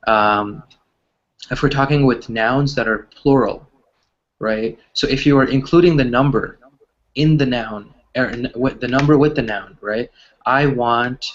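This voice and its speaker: A man's voice: medium pitch, unhurried. A man teaching an English grammar class over a video call, explaining patiently and asking "right?" after almost every point. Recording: slightly dull video call audio.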